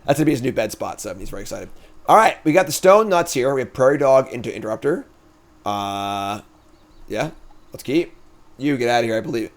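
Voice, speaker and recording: A man's voice: medium pitch, a little fast. A man streams himself playing a card game and talks through every choice as he goes. His voice swings up and down with lots of life, and he sounds loose and chatty. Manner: chatty, thinks aloud, animated swings in energy. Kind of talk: casual gameplay commentary.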